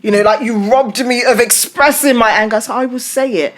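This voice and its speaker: A woman's voice: fairly high pitch, brisk. A woman pastor from Britain in casual chat, telling stories emphatically and expressively. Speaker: pastor and guest.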